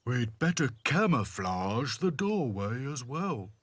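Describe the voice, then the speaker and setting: A man voicing Sad Sack, a gloomy, worried male rag doll in a children's cartoon, talking slowly and mournfully. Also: mid-range voice, sing-song, slightly rough, no room sound, voice pushed up, exaggerated voice. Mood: glum. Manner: slow, mournful.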